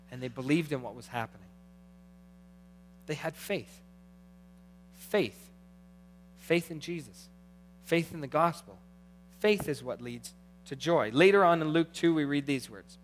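A middle-aged pastor's fairly high voice carries his sermon, which swings from hushed and intimate to animated and climbing.

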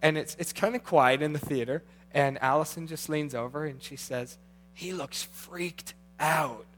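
A middle-aged man preaching a sermon as pastor, swinging between hushed, intimate passages and animated, rising ones. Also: on the high side, normal speed.

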